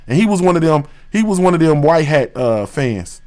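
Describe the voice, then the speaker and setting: A man's voice: fairly high pitch, animated, normal speed, darkish tone. A man from Dayton, Ohio, hosting a boxing talk livestream in a heated, profane, slang-filled rant. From West Dayton, Ohio, USA. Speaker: boxing talk show host.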